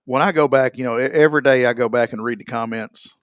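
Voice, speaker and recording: A man's voice: medium pitch, fast, smooth, dry recording, studio quality. A middle-aged man co-hosting a morning show, chatting in an easygoing, wry way. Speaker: radio show co-host. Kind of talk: casual chat.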